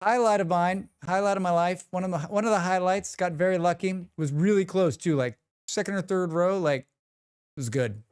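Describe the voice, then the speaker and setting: A man's voice: sits high, steady tone, fairly quick, few pauses, darkish tone, clean tone, dry recording, studio quality. A man streaming live, chatting casually and joking with his chat. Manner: rambling, joking, reacts to chat.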